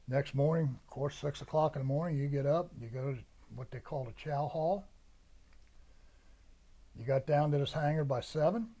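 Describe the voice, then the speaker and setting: Older male veteran, somewhat high voice, storyteller who acts out his old sergeants' orders. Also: dark tone. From United States. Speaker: veteran interviewee. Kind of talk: oral history recollection.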